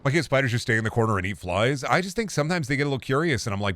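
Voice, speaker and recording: A man's voice: medium pitch, animated, rapid-fire, few pauses, a bit bright. A young man streaming a game from his home setup, talking to himself in a rambling, profane way into a close desk microphone. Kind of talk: casual gaming stream commentary.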